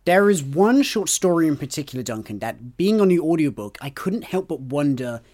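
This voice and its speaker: Guy cohosting a book podcast, kinda high voice, opinionated and chatty. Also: sing-song, moderate pace, darkish tone. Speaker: podcast co-host. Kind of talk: casual chat about a book.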